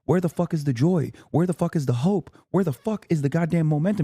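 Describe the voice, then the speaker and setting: Profane, heated streamer man, dark voice. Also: on the high side, quick pace, few pauses, slightly rough, no echo, studio quality. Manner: profane, exasperated, arguing with chat; tries to keep voice down to not wake neighbor. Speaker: streamer reacting to a speech. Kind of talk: heated live-stream commentary.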